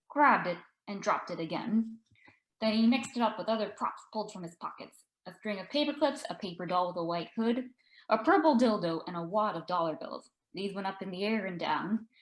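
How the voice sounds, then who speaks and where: A woman author reads her own story aloud, expressive but dry in her narration. Her voice sits at a middle pitch and rings in an echoey room. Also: fairly quick.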